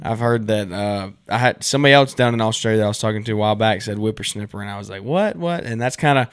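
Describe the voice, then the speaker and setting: A man's voice: fairly low pitch, steady tone, rapid-fire, smooth, no room sound, clean studio sound. A man with a Southern American accent hosting a podcast interview, chatty and enthusiastic. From southern United States. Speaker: podcast host. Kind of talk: casual interview chat.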